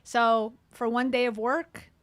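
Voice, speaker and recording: A millennial woman from the Midwest giving sarcastic commentary, reading posts aloud with deadpan asides. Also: fairly high pitch, slow, no room sound. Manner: snarky, deadpan asides with sudden laughs. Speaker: commentary streamer.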